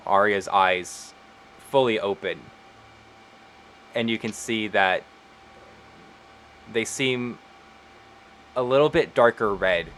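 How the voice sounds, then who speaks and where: A man narrating a tabletop role-playing game as game master, unhurried, with frequent fillers. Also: lowish voice, fairly bright tone, a little hiss or hum.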